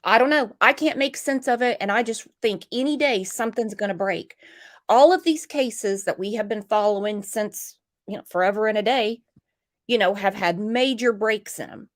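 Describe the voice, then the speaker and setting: A woman hosting a true crime livestream speaks in a mid-range voice at normal speed. Animated and casual, she chats with a guest and reads out what viewers comment.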